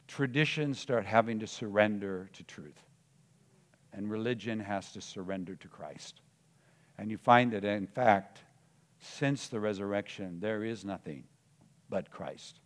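A man preaching a sermon, moving from soft musing to loud emphatic declarations, often repeating words as he searches for the next phrase. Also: lowish voice. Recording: long hall reverb.

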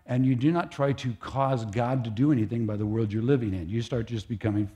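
A man's voice: mid-range voice, fairly even intonation, fairly quick, warm tone. A man preaching a conversational, humorous sermon, talking easily and acting out scenes.

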